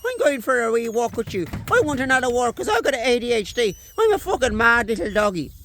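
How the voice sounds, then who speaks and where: A squeaky, hyperactive little Irish dog, put on by a man, cocky and foul-mouthed. The voice sits high and swoops all over the place with every demand. Restless and defiant. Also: very animated, a little fast, a bit bright, full character voice.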